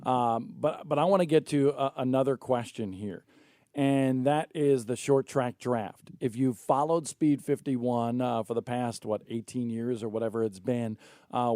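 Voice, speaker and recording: A man hosting a morning radio show, interviewing a young racer with animated, teasing questions. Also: medium pitch, no room sound, clean studio sound.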